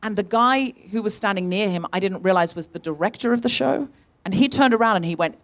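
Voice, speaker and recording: A woman co-hosting a live comedy podcast, telling a personal story in an animated way and acting out the voices of the people in it. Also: mid-range voice, fairly quick. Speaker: podcast co-host. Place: live venue stage.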